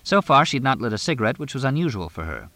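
A man reading a novel aloud as narrator, measured and even. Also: medium pitch, dry recording. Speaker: audiobook narrator. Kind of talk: scripted narration.

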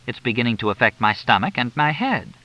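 A man voicing a blunt, bossy older wealthy woman who is a mother and grandmother, talking in a brisk, matter-of-fact way. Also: medium pitch, sing-song, close to an everyday voice. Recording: dull lo-fi dry recording.

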